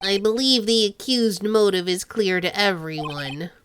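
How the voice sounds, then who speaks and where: A woman voicing a smug, middle-aged male prosecutor in a game, speaking low and slow. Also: smooth, close to an everyday voice. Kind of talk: game voice-over.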